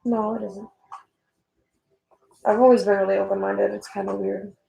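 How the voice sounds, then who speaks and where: A woman's voice: mid-range voice, level tone, normal speed, vocal fry, warm tone, reverberant, a little hiss or hum, low-quality recording. A young woman chatting casually while she works on a drawing, rambling and swearing, getting worked up at times. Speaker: artist vlogger.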